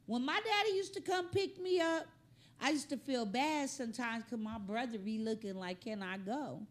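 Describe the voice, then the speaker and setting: A woman hosting a comedy reaction show, riffing on clips in an animated, joking, slangy way. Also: high voice, normal speed.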